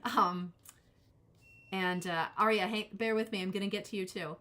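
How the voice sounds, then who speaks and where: A woman's voice: mid-range voice, fairly even intonation, normal speed, pushed and bright. A woman in her forties giving a casual live-stream tarot reading, rambling and cutting herself off as she talks to her chat viewers. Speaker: tarot reader.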